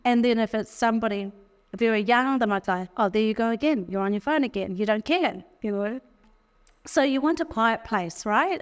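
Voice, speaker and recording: A woman's voice: on the high side, clean tone. Chatty woman teaching a group. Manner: conversational, chatty, with frequent fillers; repeats key phrases for emphasis. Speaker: workshop speaker. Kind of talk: casual teaching talk to a group.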